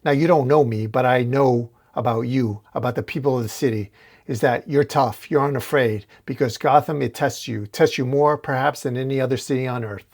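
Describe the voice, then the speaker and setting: Brief: a man playing a scarred old soldier at a podium, deliberate and firm. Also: mid-range voice, a little mellow, lightly acted. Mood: stern. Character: grizzled old male mercenary addressing a crowd.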